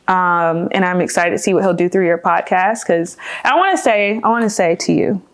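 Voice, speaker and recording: An earnest woman in her thirties chats with her sister on a podcast, thinking aloud with fillers and restarts. Her voice sits a little low for a woman. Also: moderate pace. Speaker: podcast guest, older sister. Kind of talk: casual chat.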